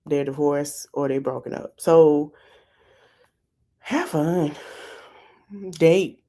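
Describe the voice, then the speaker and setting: Emphatic woman, lower voice. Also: steady tone, extremely slow, dark tone. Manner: emphatic, advice-giving. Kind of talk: casual chat.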